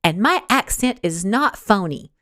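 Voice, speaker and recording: A woman voicing a sassy, quick-tempered young woman who talks in a sarcastic, mocking way. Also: mid-range voice, lively intonation, fairly bright tone, dry recording, studio quality. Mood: grudging.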